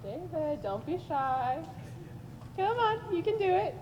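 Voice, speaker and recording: A woman's voice: extremely high pitch, big pitch swings, slow pace, a little mellow, highs cut off, a little hiss or hum. A teenage girl hosting a school drama contest, upbeat and coaxing contestants onto the stage. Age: teens. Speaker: contest emcee. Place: school auditorium. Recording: long hall reverb.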